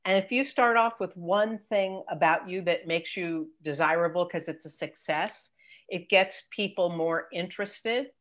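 An older woman, a career coach, giving emphatic, practical advice as a guest in an interview. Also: lo-fi sound. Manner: brisk, emphatic, mimics pitch emails.

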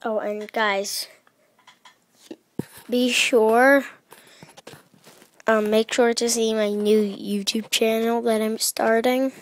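A woman casually talking through her gameplay into her own desk mic, chatty and halting, often dropping to a hush. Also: a little high, flat delivery. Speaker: gaming vlogger. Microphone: own desk microphone.

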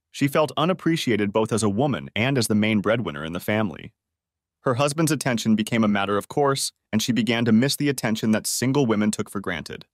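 Brief: male audiobook narrator, mid pitch, steady matter-of-fact read, dry close sound. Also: dry recording. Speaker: story narrator.

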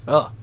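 Rowdy, goofy man trash-talking over a game. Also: sits high. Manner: goofy, rowdy trash-talk, playful bragging. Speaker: let's play gamer. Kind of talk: casual gaming commentary. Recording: noisy with game sound behind.

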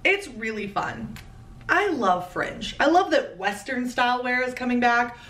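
A woman's voice: a little high, expressive, fairly bright tone, far from the mic. Chatty woman in her thirties, echoey room. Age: 30s. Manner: chatty and playful, quick asides. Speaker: fashion vlogger. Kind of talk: casual haul commentary.

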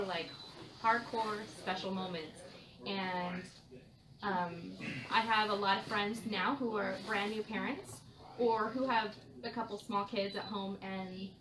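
A woman's voice: medium pitch, roomy sound, far from the mic, noisy background. A woman co-hosting a casual podcast, talking earnestly and emphatically about parenting. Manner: earnest, emphatic, talks about motherhood frankly. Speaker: podcast co-host.

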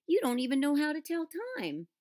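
A woman's voice: high voice, big pitch swings, a little fast, mellow, voice pushed up. A woman doing a teasing lazy mole girl.

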